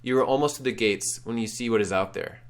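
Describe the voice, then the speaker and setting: A man's voice: on the low side, fast. A man reading a text adventure game aloud with drama, calling out his choices. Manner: dramatic, shouts choices out loud. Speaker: game streamer.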